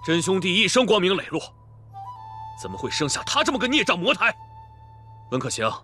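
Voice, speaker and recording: An actor playing a self-righteous martial alliance leader, making a rousing, accusatory speech in a period martial-arts drama. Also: male voice, high-pitched, sing-song, fairly quick, bright, forceful tone, full character voice. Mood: accusing. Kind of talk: period wuxia drama dialogue. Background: drama score music.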